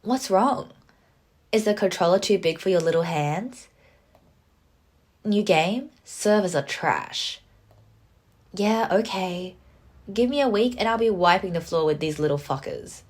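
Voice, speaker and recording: Give me a woman acting out a cocky young male coworker from a visual novel, all smug teasing and trash talk. The voice sits a little low. He ribs everyone, even when he loses. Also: unhurried, pauses often.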